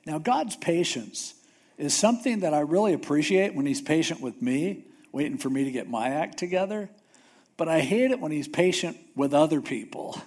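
A man's voice: on the high side, expressive, normal speed, darkish tone. A man preaching a sermon in a conversational, storytelling way, with humorous asides. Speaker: pastor.

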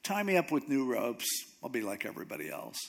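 A man voicing a dim-witted strongman who talks low and slow. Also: huge pitch swings, gravelly. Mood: dopey.

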